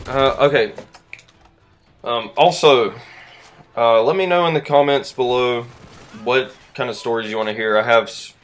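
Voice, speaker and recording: A man's voice: mid-range voice, a little slow, pauses often, a bit bright. A man in his twenties with a Southern US accent, rambling through a casual story to camera. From Southern United States. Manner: rambling, easygoing, self-deprecating. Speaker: YouTuber.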